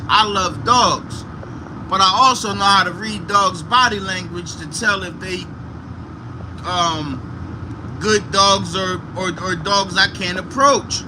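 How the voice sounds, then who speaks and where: A man on a livestream, talking from inside his vehicle while driving, telling a story in an animated, profane way with sound effects. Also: high voice. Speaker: livestream host. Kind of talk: casual storytelling. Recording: car noise in background.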